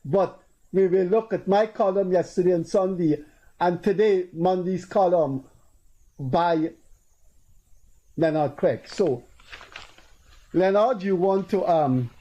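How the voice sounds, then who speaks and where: A Guyanese man hosts a political talk show, speaking higher than most men but with a dark, mellow tone. He tells long stories and keeps repeating his points with emphasis, switching to a raised voice when he quotes others. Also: slow pace, long pauses, lo-fi sound. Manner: storytelling, acting out quoted people in a raised voice. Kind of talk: casual political commentary.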